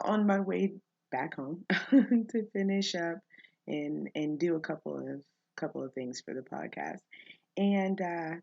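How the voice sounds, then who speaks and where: Laughing woman podcast host, gravelly and slow. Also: on the low side, darkish tone, lo-fi sound. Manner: chatty, laughs often, many fillers. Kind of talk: casual storytelling monologue.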